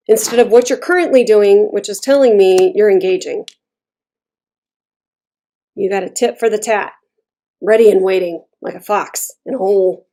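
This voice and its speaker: A woman's voice: mid-range voice, normal speed, long pauses, mellow. A woman giving a casual tarot reading, talking bluntly and chattily and swearing freely. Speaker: tarot reader.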